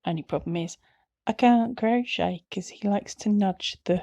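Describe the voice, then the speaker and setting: A woman's voice: medium pitch, normal speed, vocal fry, mellow. Chatty woman, muffled home recording. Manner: chatty, rambling, laughs often, corrects herself. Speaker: crochet vlogger. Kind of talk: casual chat.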